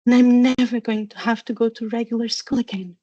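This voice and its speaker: A woman voicing an eager, bookish young girl witch in a storybook reading, talking bright and breathless. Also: on the high side, level tone, brisk, highs cut off, lightly acted. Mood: excited.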